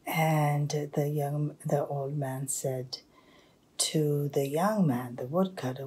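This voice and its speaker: Slow, breathy woman telling a folktale. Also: low-pitched, fairly even intonation. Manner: hushed, half-whispered narration with pauses. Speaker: storyteller. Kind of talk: oral storytelling.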